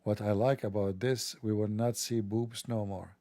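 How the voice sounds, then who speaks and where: A man with a gravelly, creaky voice and a dark, mellow tone runs a sarcastic monologue on his livestream. He mocks and jokes throughout, and the sound is dry and close with no room echo. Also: lowish voice, fairly even intonation, moderate pace. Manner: sarcastic, joking, mocking. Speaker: livestream host. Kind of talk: mocking monologue.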